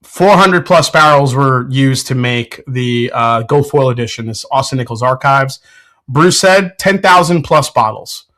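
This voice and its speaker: A man's voice: medium pitch, expressive, measured pace, a bit bright. A man hosting a casual live stream from his home whiskey room, laughing often, swearing freely and answering chat. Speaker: whiskey show host.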